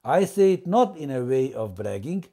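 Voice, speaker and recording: A man for whom English is a seventh language, reading out a formal open letter in stilted, deliberate wording. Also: medium pitch, very animated, dark tone, slightly rough. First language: not English; English is his seventh language. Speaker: language teacher presenting his method.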